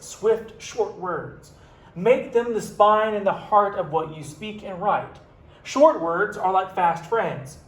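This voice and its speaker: A man's voice: sits high, reverberant, rough recording. A male English teacher reading a text aloud to his class and explaining it in casual asides. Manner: reads passages slowly then explains in casual asides.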